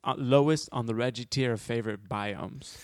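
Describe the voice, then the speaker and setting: A man's voice: medium pitch, normal speed, dry recording, studio quality. A man in casual podcast chat, making jokey asides and laughing easily.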